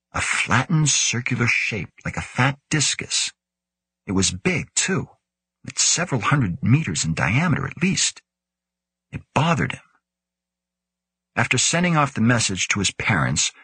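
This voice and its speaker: A man narrating a science-fiction audiobook in a measured, steady way. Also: fairly low pitch, breathy edge, no echo. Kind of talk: scripted narration.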